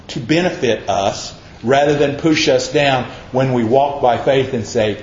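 Male pastor, mid-pitched, earnest sermon delivery, echoey dull recording. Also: a little mellow, a little hiss or hum. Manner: earnest, emphatic preaching with repetition.

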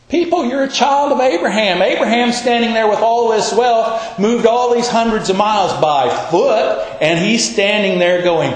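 A man's voice: sits high, lively intonation, moderate pace. A middle-aged male preacher giving a sermon with folksy, humorous storytelling in a church hall. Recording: echoey hall.

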